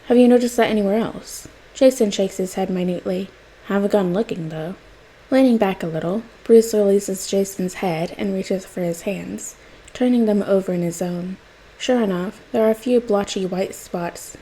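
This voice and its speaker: A woman reading fan fiction aloud as a podfic, narrating in an even, unhurried way. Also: medium pitch, breathy edge, low-quality recording. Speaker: podfic reader.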